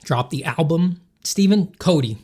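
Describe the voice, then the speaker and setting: This artist streams while drawing, thanking supporters and fielding chat questions in a joking, rambling, self-deprecating way. He speaks on the high side, animated yet unhurried, with a dark, husky tone.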